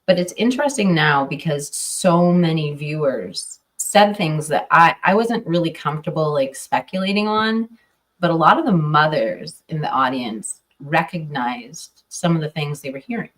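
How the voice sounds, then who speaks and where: A true crime streamer comments casually on her livestream, hesitating often with fillers and restarts. Her voice sits low at a moderate pace, picked up by a distant mic.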